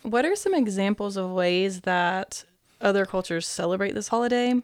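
A woman's voice: medium pitch, lively intonation, normal speed, clean tone, no room sound, clean studio sound. A woman hosting a podcast interview, curious and agreeable, asking follow-up questions. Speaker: podcast host. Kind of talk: interview conversation.

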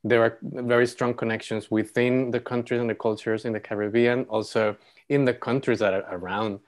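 A man's voice: medium pitch, steady tone, moderate pace. A man from Panama co-hosting a podcast, speaking appreciatively and reflectively with his guest. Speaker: podcast co-host. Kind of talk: warm interview conversation.

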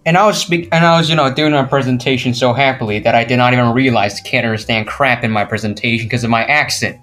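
Teenage boy, podcast co-host, animated storyteller, casual chat. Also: medium pitch, quick pace, soft background music. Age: teens. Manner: animated storytelling, mimics classmates.

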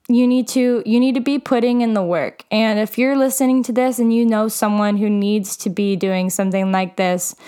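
A woman's voice: a little high, darkish tone, clean tone. A young woman in her late teens speaking candidly and earnestly about her own struggles, with frequent "like" fillers. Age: young adult. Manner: candid and heartfelt, many fillers like "like". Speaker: mental health vlogger. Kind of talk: earnest personal talk to camera.

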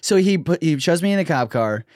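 A man telling a story in casual chat, animated, jumping into other voices for the people he quotes. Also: on the high side, brisk, dry recording, clean studio sound. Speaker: guest.

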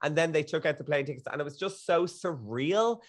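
A young man guest in a casual chat, telling stories in a gushing, excitable way. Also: a little high, brisk.

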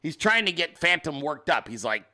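A man's voice: on the high side, very animated, normal speed, sharp tone. A male host on a live political commentary stream, joking around and cursing freely. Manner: crude, profane, joking.

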